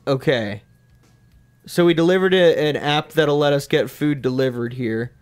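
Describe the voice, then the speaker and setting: A man's voice: medium pitch, moderate pace. A young man co-hosting a casual gameplay chat, reading the game's lines aloud in playful voices. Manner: reads game dialogue aloud in playful voices. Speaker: game show co-host.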